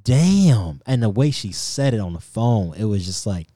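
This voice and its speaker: A man's voice: on the low side, sing-song, moderate pace, dark tone, no room sound, studio quality. A young man co-hosting a podcast, casually telling a long story with quoted voices and stammering restarts. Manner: rambling, retells with quoted voices, stammers when worked up. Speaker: podcast co-host.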